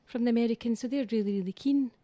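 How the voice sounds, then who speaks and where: A woman's voice: a little high, very fast, warm tone, no echo, highs cut off. A Scottish woman, a singer and entertainer, chatting as a guest on a radio interview, laughing often and poking fun at herself.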